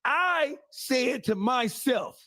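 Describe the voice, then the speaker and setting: Brash high-voiced man boasting. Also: animated, extremely slow, pushed and bright. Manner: brash, swaggering, profane. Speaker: guest in a played clip. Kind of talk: boastful podcast talk.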